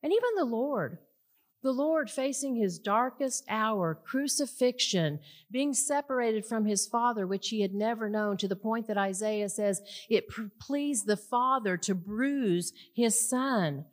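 A woman's voice: a little high, lively intonation. Emphatic woman teaching a Bible study. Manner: emphatic, with rhetorical questions and dramatic pauses. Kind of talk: sermon.

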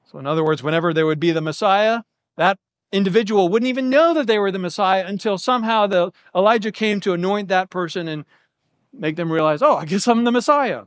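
Male Bible teacher, high voice, explanatory and methodical, dry close recording. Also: brisk, clear, resonant tone, no room sound. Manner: explanatory, lays out options step by step.

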